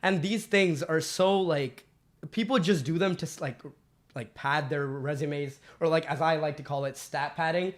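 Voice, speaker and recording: A man's voice: fairly high pitch, moderate pace. A teenage boy hosting a student podcast, asking questions in a hesitant, filler-heavy way. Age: teens. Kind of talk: casual podcast chat.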